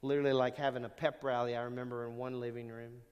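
A man preaching a sermon as pastor, animated, swinging between loud emphasis and quiet asides. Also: mid-range voice, fast, highs cut off. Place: church sanctuary. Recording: long church hall reverb.

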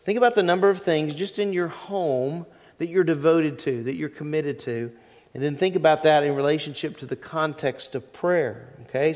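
A middle-aged male pastor with a fairly high voice delivers a sermon in a chatty, teaching manner. He keeps asking the congregation questions and slows down on the phrases he wants to land. His voice carries a long reverb from the church sanctuary. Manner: conversational preaching, asks the congregation questions, slows down on key phrases.

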